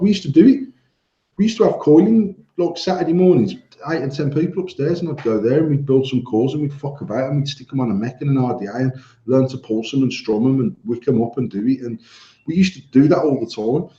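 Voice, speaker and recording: A man tells stories from his shop in a loose, swearing podcast chat. His voice is mellow and warm. He sounds a bit dull and roomy, as if recorded in an echoey space. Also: mid-range voice, fairly quick. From United Kingdom. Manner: swearing storyteller, animated when telling anecdotes. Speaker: podcast co-host, vape shop owner. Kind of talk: casual banter podcast.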